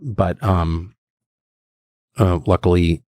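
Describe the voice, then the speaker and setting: A man's voice: extremely slow, no room sound, studio quality. A man as a podcast guest, talking casually and rambling, with frequent restarts and chuckles. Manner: rambling, restarts and chuckles, lively swings in pitch. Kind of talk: casual conversation.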